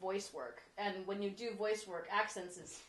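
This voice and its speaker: A woman co-hosting a casual chat, telling stories animatedly with quick asides. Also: mid-range voice, a bit bright. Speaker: co-host. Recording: roomy room echo.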